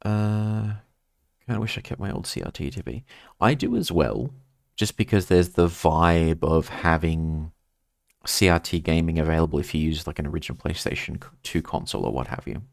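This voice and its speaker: Deep-voiced Australian man chatting. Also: moderate pace, creaky, no room sound, clean studio sound. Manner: rambling, chatty, reads chat aloud. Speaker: streamer. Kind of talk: casual chat while gaming.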